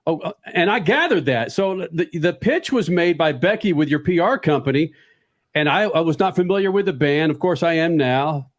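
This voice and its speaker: A man's voice: a little high, expressive, moderate pace. A man hosting a radio talk show, talking with enthusiasm and hyping up his guest. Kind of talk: energetic casual radio talk. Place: radio studio.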